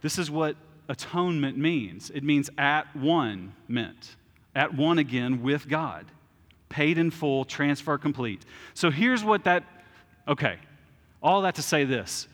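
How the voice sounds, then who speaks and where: A man's voice: on the high side, animated, slow, fairly bright tone, long reverb tail. A man in his thirties preaching a sermon as pastor, conversational, with asides and restarts.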